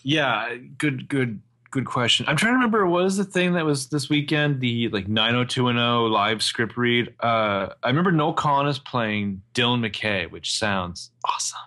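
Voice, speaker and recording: A man's voice: mid-range voice, moderate pace, hardly any pauses. A man co-hosting a casual podcast, joking and swearing as he discusses a TV show. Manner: relaxed, jokey, swears. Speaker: podcast co-host. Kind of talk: casual chat.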